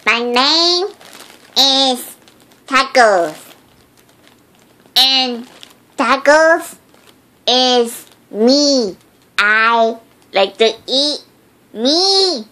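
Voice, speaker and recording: Young woman, squeaky childlike put-on voice, very bouncy intonation. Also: animated, extremely slow, pauses often, bright, forceful tone. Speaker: streamer. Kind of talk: silly put-on voice play.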